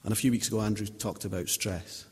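A man's voice: on the low side, quick pace, breathy edge. A man in his thirties giving an informal sermon, chatty and anecdotal, often restarting his sentences. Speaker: lay preacher. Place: church. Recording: long reverb of a church hall.

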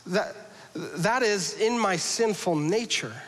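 A man preaching a conversational sermon to a congregation, joking casually and swinging between loud emphasis and hushed passages. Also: a little high, moderate pace, in a large hall, low-quality recording. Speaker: pastor. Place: church hall with a congregation.

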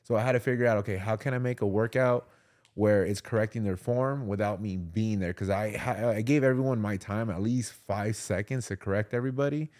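A male fitness trainer joins a podcast as a guest. He speaks in a lowish voice and explains his work in a relaxed, plain way during easy conversation. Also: fairly quick. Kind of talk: casual podcast chat.

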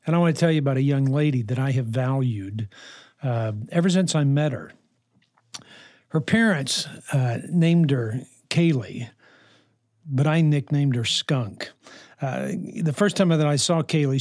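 A middle-aged man who is a podcast host and counselor gives a devotional talk conversationally, with frequent fillers and restarts. His medium-pitched, darkish voice is a little slow, recorded dry with clean studio sound.

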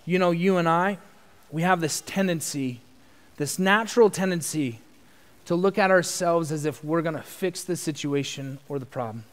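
A man preaching a sermon in an earnest tone, swelling into loud emphasis. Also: on the high side, moderate pace. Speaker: pastor. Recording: long church reverb.

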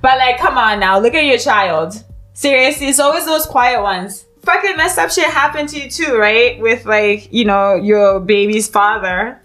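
High voiced woman from zimbabwe ranting and cursing, laughing a lot, casual podcast. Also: normal speed. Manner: animated, profane, loud and laughing. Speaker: podcast co-host. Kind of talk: casual storytelling chat.

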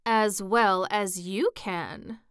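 A woman reads out a bossy tiger lily in a storybook, loud and scolding, her voice smooth and dry as it snaps at the chattering flowers around her. She is quick to take offence. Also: medium pitch, fairly even intonation, no room sound. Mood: haughty. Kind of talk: storybook character reading.

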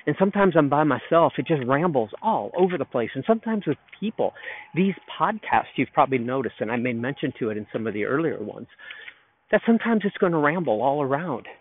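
A man's voice: mid-range voice, big pitch swings, fairly quick, breathy edge. A man hosting a podcast, telling a loose, rambling story in a reflective solo monologue from outdoors in a park. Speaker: podcast host. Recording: narrow phone-like sound.

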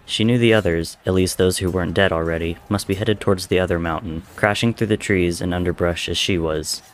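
A man reading a story aloud in a measured, dramatic way. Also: low-pitched, fairly even intonation. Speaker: narrator.

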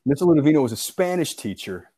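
A young man with a slightly rough voice on the high side talks quickly through an old school prank story. Casual and animated, he laughs often, swears freely, and acts out what people said.

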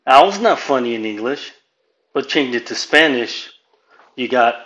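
A man's voice: medium pitch, lively intonation, moderate pace, a bit bright, a little hiss or hum, low-quality recording. A man from Southern California doing a profane, rambling stand-up monologue as a podcast host, dropping Spanish phrases into his English. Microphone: home podcast mic.

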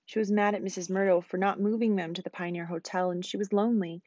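A woman teacher reading a novel aloud, quick and expressive. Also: mid-range voice, no echo, lo-fi sound.

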